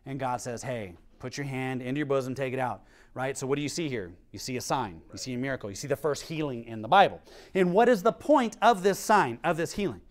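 A pastor delivers a sermon in a mid-range male voice at a fairly quick clip. He tells stories with lots of animation, acting out the quotes, and reads scripture aloud.

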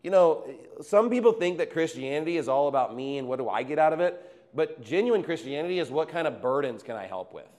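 A man's voice: a little high, animated, brisk, a little mellow. A male pastor preaching a sermon in a conversational way, reading scripture and acting out everyday quotes.

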